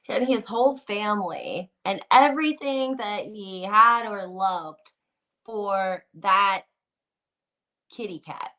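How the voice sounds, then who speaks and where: A woman hosting a gossip livestream, chatting casually and reading out viewer comments in an animated, opinionated way. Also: on the high side. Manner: animated, gossipy, many "like"s and restarts.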